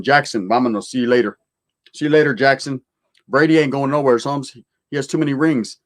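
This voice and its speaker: A man hosting a casual livestream, reading out viewer comments in laid-back street slang sprinkled with Spanish words. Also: medium pitch.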